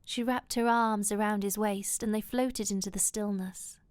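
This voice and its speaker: A woman reading a romance novel aloud in a soft, intimate, often whispered way. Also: medium pitch, steady tone, normal speed, clean tone, no room sound. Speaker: audiobook reader.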